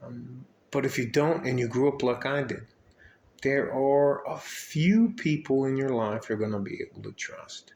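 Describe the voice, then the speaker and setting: A man's voice: mid-range voice, a little slow, darkish tone, a little hiss or hum. An older man who coaches young men, talking to the camera in a rambling, profane, fatherly way. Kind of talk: casual vlog talk to camera. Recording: roomy echo.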